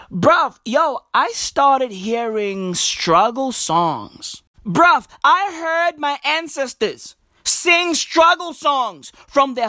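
A young South African woman doing profane, animated stand-up comedy full of slang. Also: on the high side, no room sound, studio quality.

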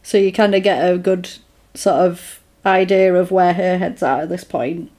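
A woman in casual chat, animatedly retelling a film's plot and putting on quick voices for the characters. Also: fairly low pitch, steady tone, darkish tone. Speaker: podcast co-host recapping a film.

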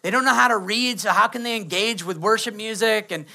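A man's voice: sits high, brisk, creaky, sharp tone. A man, preaching a sermon as pastor and acting out quoted kids and prayers.

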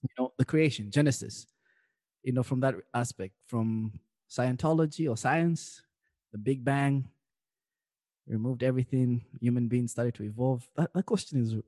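Joking young man, mellow dry voice. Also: medium pitch, normal speed, no room sound. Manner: joking, animated storytelling with slang. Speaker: podcast co-host. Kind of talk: casual chat.

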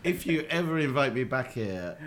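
A man's voice: mid-range voice, big pitch swings, normal speed, a loud crowd. A man co-hosting a podcast who stammers, laughs and needles the others sarcastically. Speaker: podcast co-host. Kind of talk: crude comedy podcast banter.

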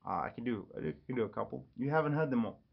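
A man hosting his own casual solo podcast, rambling and jumping quickly from topic to topic. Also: medium pitch, lively intonation, creaky, breathy edge. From Ireland. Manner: rambling, jumps between topics. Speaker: podcast host. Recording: slightly dull lo-fi audio.

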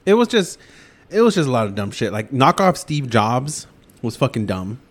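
A man's voice: medium pitch, big pitch swings, moderate pace. Blunt, profane man ranting about movies. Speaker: podcast co-host. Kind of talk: casual movie review chat.

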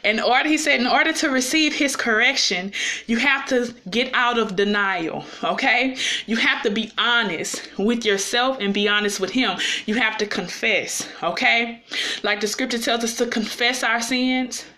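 Woman preaching kinda casual, bright clear voice, keeps asking if you follow her. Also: on the high side, moderate pace. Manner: conversational, checks in with listeners often; personal and confessional. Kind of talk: informal sermon.

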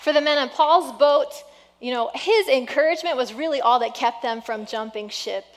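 A woman pastor preaching a sermon in a church, earnest and exhorting, often dropping to a soft hush. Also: high voice, moderate pace, some chatter behind. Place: church sanctuary.

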